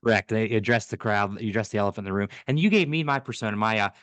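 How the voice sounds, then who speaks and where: A man's voice: on the low side, very fast, fairly bright tone, dry recording. A man talking casually as a guest comedian on a podcast, with frequent restarts. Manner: conversational, with restarts and stumbles.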